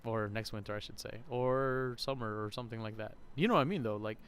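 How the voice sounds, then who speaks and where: A man with a fairly low voice talks in a loose, rambling way, chuckling between thoughts as he hosts his podcast. He's recorded outdoors at a shopping center, with faint ambient noise around him. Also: brisk, a bit bright. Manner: rambling, chatty, laughs often. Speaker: podcast host. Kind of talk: casual vlog monologue.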